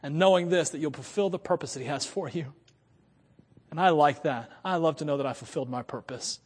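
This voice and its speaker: A male pastor preaching a sermon, swinging between quiet asides and loud, emphatic passages. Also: on the high side, fairly quick, breathy edge, big-room sound.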